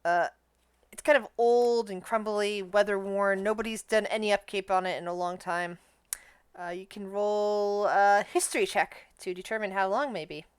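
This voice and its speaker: A woman's voice: mid-range voice, moderate pace, clear, resonant tone, dry recording. A woman running a tabletop game as game master, describing scenes and explaining rulings in a conversational way.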